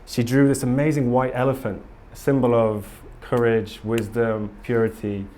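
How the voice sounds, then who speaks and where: A man speaks in a mellow, mid-range voice with a level tone and moderate pace. He's giving a casual, earnest, rambling talk to a live conference-room audience, with many ums and restarts.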